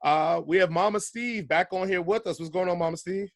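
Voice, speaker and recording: A man with a somewhat high voice hosts a podcast and keeps the chat easygoing and jokey. His voice sounds dry and close, with almost no room around it. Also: brisk, no room sound. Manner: laid-back, joking. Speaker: podcast host.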